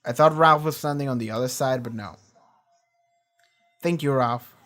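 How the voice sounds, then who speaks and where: A man talks through a show in loose reaction commentary, his voice sitting in an ordinary middle pitch. He swears freely and trips over restarts as he rambles from his home streaming setup. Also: normal speed, soft background music. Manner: animated, profane, rambling with restarts.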